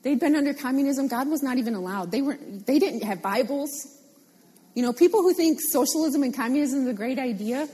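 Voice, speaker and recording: Animated woman preaching in an echoey hall. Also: high-pitched, brisk, slightly rough. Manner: animated, playful, repeats phrases for emphasis. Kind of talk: sermon.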